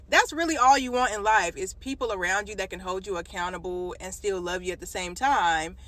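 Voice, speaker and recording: A speaker calmly explaining to viewers in a relaxed, reflective way. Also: medium pitch. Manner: relaxed, reflective, with light laughs.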